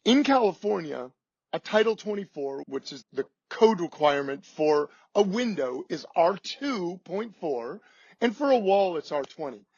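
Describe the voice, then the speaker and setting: Male podcast guest, high and husky, emphatic, on dull, dry lo-fi audio. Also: a little mellow, no room sound.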